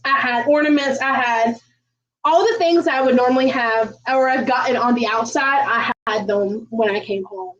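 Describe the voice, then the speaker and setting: Chatty high-voiced woman, slightly distant mic. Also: normal speed, highs cut off. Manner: chatty, folksy, many ums, talks to viewers. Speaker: cooking livestream host. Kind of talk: casual livestream chat while cooking. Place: home kitchen.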